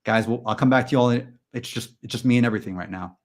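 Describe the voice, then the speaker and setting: A man hosting a comedy livestream, leading a parody guided meditation in a slow, soothing tone that slides into sarcastic rants. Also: medium pitch. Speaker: comedy show host.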